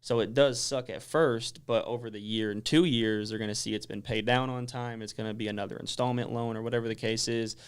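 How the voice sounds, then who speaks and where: Being interviewed on a talk radio show, a man talks fairly quickly in a mid-range, clean-toned voice with hardly any pauses. His explanations are relaxed and casual, loaded with "like" as a filler.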